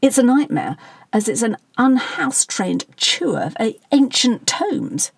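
A woman's voice: fairly high pitch, big pitch swings, a little slow, creaky, slightly rough, no echo, voice pushed up, full character voice. A woman voicing a fretful male politician. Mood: gossipy. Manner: moaning, gossipy. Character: worried, self-important middle-aged male politician.

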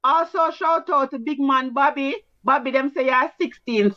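A Jamaican woman rattles through results in brisk, teasing sports chat. Her voice sits a little high. The sound is dry and a bit muffled, like a lo-fi recording. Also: no echo. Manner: brisk, teasing, patois-flavoured. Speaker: sports show co-host. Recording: dull lo-fi sound.

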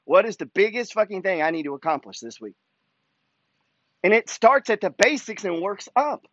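A man with a fairly high voice delivers a pushy, profanity-laced motivational rant as a show host. The sound is dry and slightly dull. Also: very animated, normal speed, a bit bright, dry recording. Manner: swears constantly, pushy, fired-up. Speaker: host reading follower emails.

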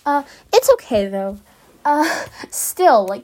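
A woman's voice: fairly high pitch, lively intonation, measured pace, husky. A woman chatting casually as she plays a game, reading its lines aloud and reacting along the way. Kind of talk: gameplay commentary.

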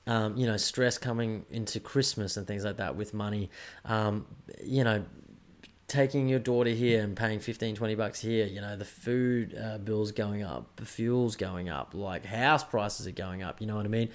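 A man's voice: lowish voice, steady tone, moderate pace. A young adult Australian man hosting a podcast, talking candidly in a casual solo monologue with lots of swearing and "right?" tags. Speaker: podcast host.

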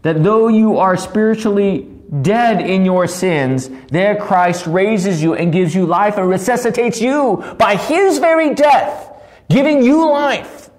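A man's voice: high voice, takes it slowly, a little mellow. A man, a pastor, giving a devotional Bible teaching, earnestly asking rhetorical questions and often adding "right?" while he repeats key words for emphasis. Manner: asks frequent rhetorical questions, tagging 'right?'.

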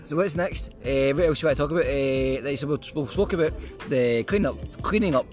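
A man's voice: fairly high pitch, fairly quick, a little mellow, soft background music. A man hosting a podcast, teasing his guest crudely and keeping time in casual chat. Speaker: host.

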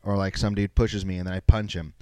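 A man's voice: sits low, flat delivery, fairly quick, a little mellow, clear, resonant tone, no echo. A young man hosting a solo podcast, rambling casually with lots of swearing and self-mocking asides. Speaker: podcast host.

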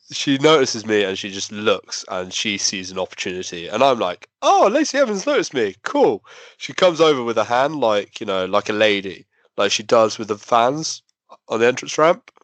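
A man's voice: fairly low pitch, lively intonation, moderate pace, fairly bright tone, no room sound. A man telling a rambling, self-deprecating story in a casual chat. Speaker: podcast co-host.

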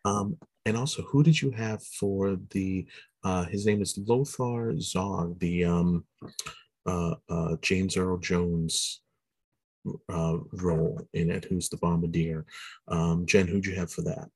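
A man's voice: low-pitched, fairly even intonation, slow, a little mellow, husky, no echo. A man hosting a casual chat podcast, chatty, laughing often and slipping into character voices. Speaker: podcast host.

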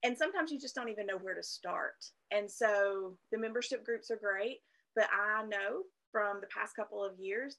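A woman's voice: mid-range voice, fairly bright tone, low-quality recording. A woman co-hosting a podcast, explaining plans in an earnest, conversational way. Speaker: podcast co-host. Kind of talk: casual podcast chat.

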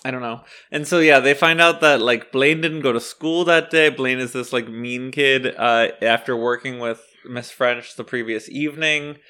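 A man's voice: medium pitch, normal speed, hardly any pauses, pushed and bright, clean tone. A man co-hosting a podcast, recapping a TV episode in rambling casual chat with lots of fillers and laughter. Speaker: podcast co-host.

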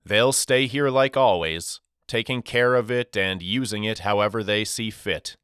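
A man voicing a loving, soft-spoken father talking to his two sons in an audiobook. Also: on the low side, unhurried, clear, resonant tone, no echo, studio quality. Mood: tender. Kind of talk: audiobook character reading.

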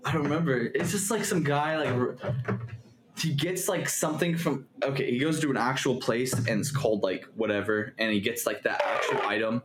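A man's voice: medium pitch, brisk. A young man rambling and laughing in drunk, swearing podcast banter, recorded in an echoey room. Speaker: podcast co-host. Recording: echoey room with faint ambience.

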